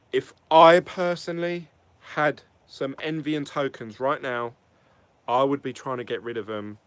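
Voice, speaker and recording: A man's voice: medium pitch, a bit bright. Blunt, swearing man vlogging. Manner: blunt, rambling, swears freely. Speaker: crypto vlogger. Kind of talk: casual opinion vlog.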